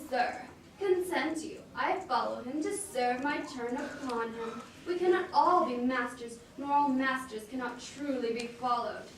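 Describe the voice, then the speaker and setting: Woman as a scheming, scornful soldier; high voice, very echoey, distant. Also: slight background noise. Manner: declaiming, scornful. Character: scheming bitter male soldier. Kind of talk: amateur stage acting. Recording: very echoey room from far off.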